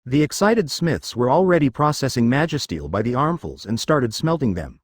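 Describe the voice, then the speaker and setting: A man's voice: medium pitch, sing-song, normal speed, no room sound. A man reading fan fiction aloud as narrator, in plain storytelling delivery.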